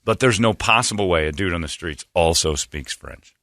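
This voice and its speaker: A man with a fairly low but bright, forceful voice tells an animated story on a morning radio show. He talks close to a studio mic in a dry room, with little echo around him. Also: normal speed. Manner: animated storyteller, slips into silly put-on voices. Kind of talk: casual morning-show banter.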